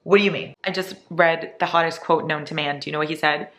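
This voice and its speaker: A woman's voice: deep voice, steady tone, quick pace, a bit bright. Chatty, dramatic young woman vlogger. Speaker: book vlogger. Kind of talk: casual reading vlog. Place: indoors at home.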